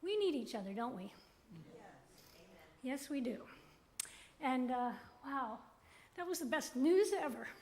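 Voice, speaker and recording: A woman's voice: high-pitched, expressive, measured pace, pauses often, darkish tone. A woman giving church announcements in an upbeat, joking way. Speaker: announcements presenter at a spiritual center.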